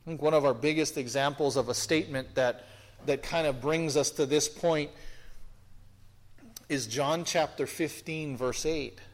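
A man with a somewhat high voice teaches scripture verse by verse. He talks in a conversational, questioning way, and his voice rings with a long hall reverb. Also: fairly even intonation, a little slow. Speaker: Bible teacher. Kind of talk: expository Bible teaching.

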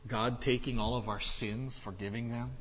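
A male pastor preaching a sermon, moving from quiet reflection to loud, animated storytelling. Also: medium pitch, normal speed, slight background noise. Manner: builds from quiet musing to loud excited storytelling. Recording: echoey hall reverb.

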